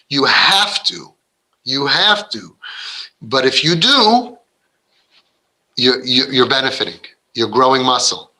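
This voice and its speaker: Through a low-quality recording comes a man's mid-range voice, pushed and bright. He's a parenting speaker delivering a rambling, earnest pep talk to parents, frequently starting sentences over and performing what children and parents say.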